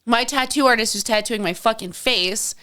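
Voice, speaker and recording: A woman's voice: on the high side, moderate pace, sharp tone. A woman co-hosting a podcast, chatting casually with wry, self-deprecating stories and plenty of swearing. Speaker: podcast co-host. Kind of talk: casual chat.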